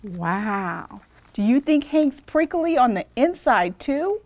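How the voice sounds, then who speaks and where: Speaking on the high side and taking her time, this woman is a librarian reading a picture book to kids. She keeps it animated, stopping now and then to put questions to the children during story time.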